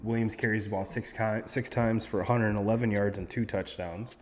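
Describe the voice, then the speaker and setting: A man's voice: lowish voice, steady tone, a little fast, darkish tone, in a large hall. A man hosting a casual sports talk show, reading off game stats with lots of ums and restarts. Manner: rambling, reads off stats with many fillers. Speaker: sports podcast host.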